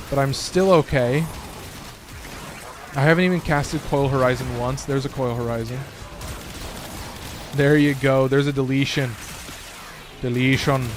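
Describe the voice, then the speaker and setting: A medium-pitched male voice comes with a little hiss or hum. He's a young gaming streamer chatting casually mid-game, rambling, swearing a lot, using plenty of fillers, with occasional voice cracks.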